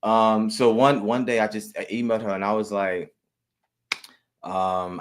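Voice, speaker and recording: A man, an actor, talking casually in an interview, with relaxed, halting speech full of restarts and easy laughter. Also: lowish voice. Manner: relaxed, many restarts and repeated words, laughs often. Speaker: actor and guest.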